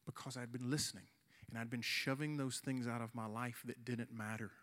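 A man in his forties, a youth pastor, preaching an earnest sermon with an altar call, slowing down for emphasis and pleading with the room. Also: mid-range voice, level tone, a bit bright.

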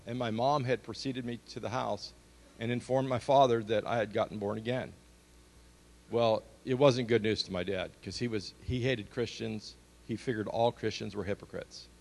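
A man giving a church testimony to an audience, telling his story earnestly and rising to emphatic bursts. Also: mid-range voice. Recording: long hall reverb.

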